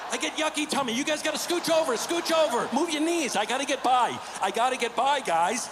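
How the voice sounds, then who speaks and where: A man's voice: very high-pitched, expressive, fairly quick, pitched above the performer's own voice. A man doing a fussy, squeamish construction worker. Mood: whiny. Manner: whiny, fussy, pleading. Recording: reverberant stage recording with background noise.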